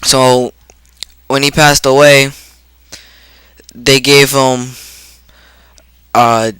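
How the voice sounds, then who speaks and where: A teenage boy vlogging a personal story in a halting, rambling way, full of fillers and restarts. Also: medium pitch, level tone, a bit bright, clean tone, dry recording, poor audio. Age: teens.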